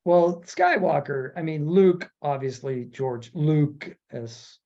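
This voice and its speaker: A man hosting a podcast in casual chat, rambling and animated, acting out quotes as he goes. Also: a little high, slow. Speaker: podcast host. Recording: dull lo-fi audio.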